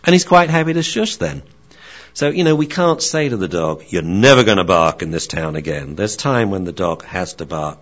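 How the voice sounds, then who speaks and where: Low-voiced man, chatty dog trainer. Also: muffled recording. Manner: chatty, joking, many fillers and restarts. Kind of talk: casual talk.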